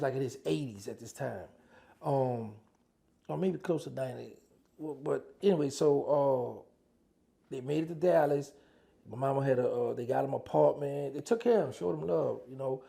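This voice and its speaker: A man's voice: medium pitch, vocal fry. A man, telling prison stories as an interview guest and acting out the dialogue. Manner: animated storyteller acting out quoted dialogue. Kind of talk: storytelling interview chat.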